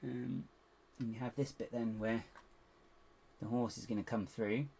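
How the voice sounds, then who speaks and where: A man chatting to viewers in a casual building vlog, rambling to himself with playful squeaky exclamations. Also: steady tone, unhurried, gravelly, mellow, slight background noise. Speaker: LEGO builder and channel host.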